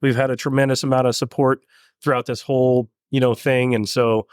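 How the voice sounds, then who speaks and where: A middle-aged man from California, a land speed racer, telling stories in a casual interview in an earnest, halting way with many restarts. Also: medium pitch, flat delivery, clean tone, no echo.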